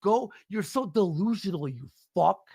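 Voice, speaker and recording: On a livestream, a guest launches into a furious rant, yelling curse-laden insults. He has a high-sitting, husky, expressive male voice at normal speed. The audio is dry and studio-clean.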